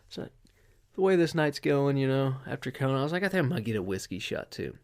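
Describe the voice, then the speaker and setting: A man's voice: mid-range voice, sing-song, fairly quick. A man hosting a solo podcast, telling rambling, profane stories with lots of fillers. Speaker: podcast host. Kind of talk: casual solo podcast monologue.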